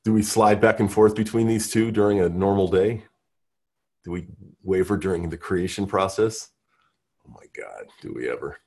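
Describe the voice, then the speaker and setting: A man leading an interactive workshop, energetic and coaxing, who keeps firing questions at the group. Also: deep voice. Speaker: workshop leader.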